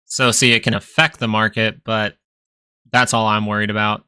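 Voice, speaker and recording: A man's voice: on the low side, flat delivery, moderate pace, bright, forceful tone, clear, resonant tone. A man hosting a live stock market stream, chatting casually and rambling between chart talk and answers to viewers. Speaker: stock market livestream host.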